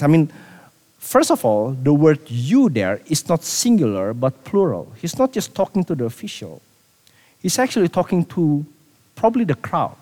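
A man preaching a sermon as a pastor, animated, repeating himself and dropping quiet for emphasis. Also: fairly high pitch, in a large hall.

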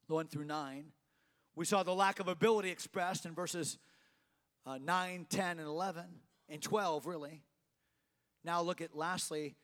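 A middle-aged man preaching a sermon, emphatic, swinging from loud to quiet and repeating phrases for effect. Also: high-pitched, long reverb tail.

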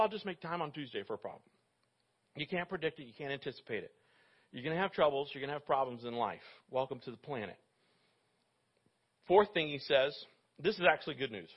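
A male pastor delivers a sermon in a relaxed, conversational way, tossing jokes and questions to his congregation. His voice sits fairly high for a man. The recording is dull and muffled. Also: slightly rough. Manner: conversational, joking asides to the congregation.

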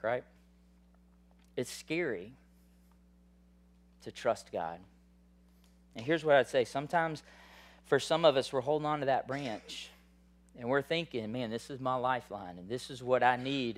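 A man preaching a sermon in a conversational style, swinging from loud, high bursts to soft, low asides. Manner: animated, rises high and loud then drops soft; conversational, frequent "like" and "right?". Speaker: pastor.

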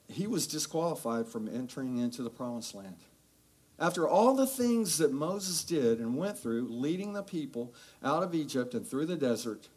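A man preaching a sermon as a pastor, telling Bible stories in a conversational, animated way and acting out quoted voices. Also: mid-range voice.

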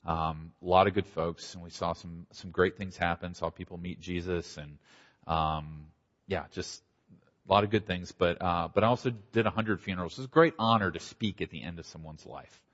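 A middle-aged man, a pastor, giving a conversational conference talk with quick asides and a slight Southern accent. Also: deep voice, a bit bright. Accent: slight Southern American. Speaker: pastor and church planter. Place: conference hall. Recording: dull audio in a large hall.

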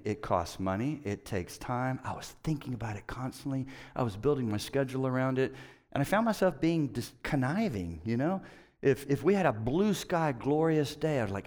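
A middle-aged man preaching a sermon as a pastor, telling stories with self-mocking humor and acting out quoted lines. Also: mid-range voice. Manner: animated, self-mocking storytelling with playacted quotes.

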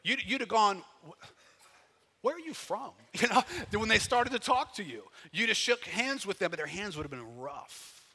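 A pastor preaching a folksy, conversational sermon, full of rhetorical questions and loud bursts of emphasis. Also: male voice, high voice, expressive, moderate pace, hardly any pauses. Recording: long hall reverb.

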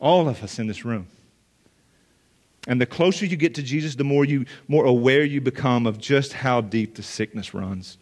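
A man's voice: mid-range voice, moderate pace, a little mellow. A male pastor preaching a sermon to a room of listeners, earnest and emphatic, repeating phrases for weight. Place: church or meeting room with listeners.

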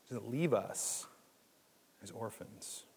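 A man preaching a sermon in a church, conversational and animated, with jokes and asides. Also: on the low side, takes it slowly, long reverb tail, slight background noise. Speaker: pastor.

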